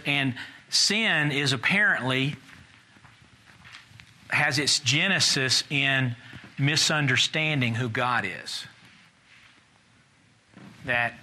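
A man's voice: medium pitch, bright, forceful tone. A man leading a Bible study class, thinking aloud in a conversational way and putting questions to the group.

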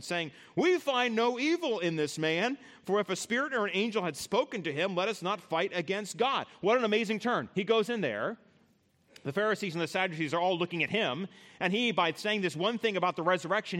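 A man's voice: medium pitch, fairly bright tone. A man preaching a sermon as pastor, talking conversationally and speaking straight to his listeners. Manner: conversational, addresses listeners directly.

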